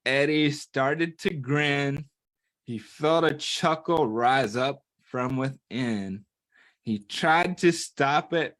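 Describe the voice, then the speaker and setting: A man reading a picture book aloud to young children, playful, often stopping to ask them questions. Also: on the high side. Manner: playful and animated, talks to children, asks them to join in. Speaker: children's story reader.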